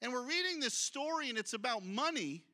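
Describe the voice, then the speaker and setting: Male pastor, high-pitched and bright, lively conversational sermon delivery. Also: brisk. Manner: reads scripture aloud, then breaks off to comment; lively, conversational preaching with asides.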